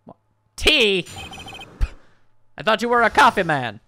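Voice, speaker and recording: A man's voice: high voice, big pitch swings, measured pace, pauses often, sharp tone, slight background noise. A man doing joking, self-deprecating commentary while playing through a story game. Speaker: let's play host. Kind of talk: playthrough commentary.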